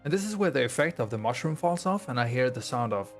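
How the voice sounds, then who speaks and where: A man's voice: medium pitch, expressive, fast, over music. A young man telling a game's story as comedy, in a casual, crude and slangy way. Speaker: gaming video creator. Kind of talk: comedic game retelling.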